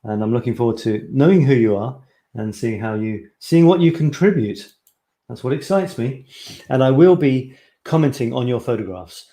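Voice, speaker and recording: Chatty man with a mellow voice. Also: mid-range voice, expressive, normal speed, echoey room. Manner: rambling, chatty, self-correcting. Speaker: photography coach hosting a weekly live stream. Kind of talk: casual live-stream chat.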